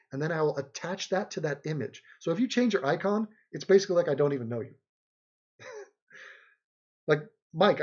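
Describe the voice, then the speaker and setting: Husky, rambling livestream host, man. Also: a little high, darkish tone, muffled recording. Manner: rambling, joking, reads viewer comments aloud. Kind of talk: casual livestream chat.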